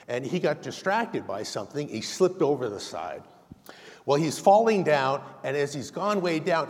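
A man gives a folksy, self-deprecating sermon in a church hall. His voice rises and falls with lively animation. The sound carries a long, roomy reverb. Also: mid-range voice. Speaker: lay preacher giving a message. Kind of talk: conversational sermon.

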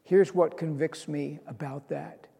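A man's voice: a little high, steady tone, a little slow, vocal fry, warm tone, breathy edge, in a large hall. A man preaching a sermon, earnest, reading out scripture and stressing key lines. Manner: earnest, quoting scripture with rising emphasis.

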